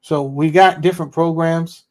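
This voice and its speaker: A man's voice: fairly high pitch, steady tone, moderate pace, darkish tone. Slangy talkative man hosting a livestream. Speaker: podcast host. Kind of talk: casual livestream chat.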